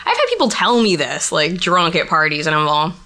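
A woman's voice: low voice, very animated, brisk, pushed and bright. Blunt, swearing young woman. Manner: blunt, profane and sarcastic. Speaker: guest. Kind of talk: casual chat.

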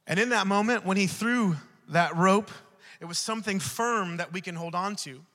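A man preaches with a high, ringing voice. He moves from fervent, shouted declarations to relaxed storytelling and acts out the voices in his tale. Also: moderate pace, big-room sound. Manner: shifts between loud preaching and quiet storytelling; acts out dialogue in his stories. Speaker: pastor. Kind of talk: sermon with storytelling.

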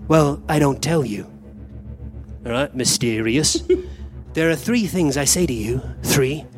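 An actor in a live stage comedy playing quarrelling versions of one male time traveler, trading quick comic banter and yelping through scuffles. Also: mid-range voice, expressive, faint music behind, natural voice.

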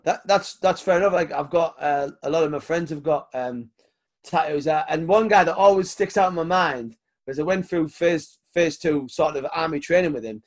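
A man hosting a casual podcast, his voice sitting a little high for a man. He talks in an easygoing way, full of ums and casual swearing, and laughs along with his guest. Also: normal speed. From United Kingdom. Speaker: podcast host.

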